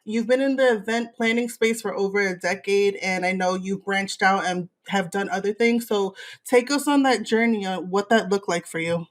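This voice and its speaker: A woman's voice: medium pitch, moderate pace. A woman hosting a podcast interview, affirming her guest and moving on to the next question. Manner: affirming, encouraging. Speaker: podcast host.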